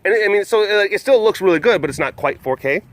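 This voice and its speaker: This vlog host is a man with a high, expressive voice who talks fast. He chats loosely to the camera, rambling, restarting sentences, and laughing easily.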